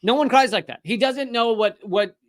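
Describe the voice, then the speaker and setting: A man's voice: very high voice, moderate pace, a little hiss or hum. A man hosting a live political commentary show, talking in a sarcastic, ranting way. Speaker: show host.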